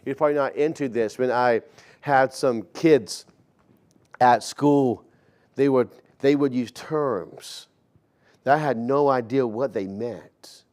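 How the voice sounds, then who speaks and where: A man's voice: mid-range voice, slow, pauses often, a little mellow. A man in his forties preaching a sermon in a conversational storytelling way, often stammering and repeating words. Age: 40s. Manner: acts out quoted dialogue in shifting voices.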